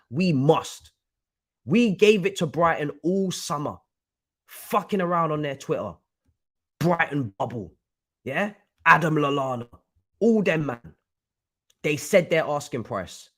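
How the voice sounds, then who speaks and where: A man's voice: fairly high pitch, sing-song, moderate pace, husky. A man ranting angrily on a live stream about his football club, swearing and repeating himself. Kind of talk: heated live-stream rant.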